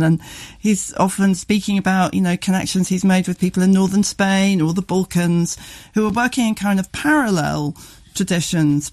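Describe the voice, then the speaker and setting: A woman interviewer at an ordinary pitch, working her way through a long question with pauses and restarts. The sound is dry and close to the mic. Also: darkish tone, no room sound. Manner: thoughtful, searching questions with restarts. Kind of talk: radio interview.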